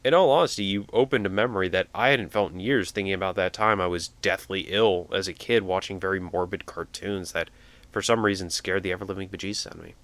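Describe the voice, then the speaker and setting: A man's voice: low voice, fast, a bit bright, dry recording. A young man commentating a sad game as he plays, tearful and rambling, with jokey asides. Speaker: gamer. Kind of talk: let's-play commentary.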